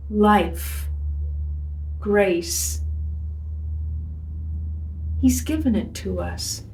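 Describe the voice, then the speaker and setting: A woman giving a devotional reading and teaching, speaking slowly and gently, with emphatic pauses. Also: on the high side. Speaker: ministry leader. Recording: echoey room, voice from a distance.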